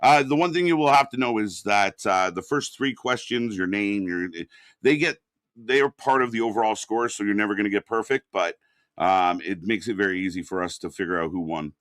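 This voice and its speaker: A man's voice: lowish voice, a little fast, fairly bright tone, dry recording, clean studio sound. A man co-hosting a casual live wrestling stream, agreeing with his partner and explaining the chat points contest. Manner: agreeable, backs up co-host with short replies, runs chat points contest. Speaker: co-host of a live wrestling watch-along stream.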